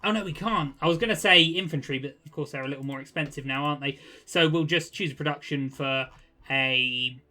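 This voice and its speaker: A young man giving casual gameplay commentary, chatty and quick to get exasperated, with jokey asides. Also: on the high side, bright, forceful tone. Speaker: gaming video creator.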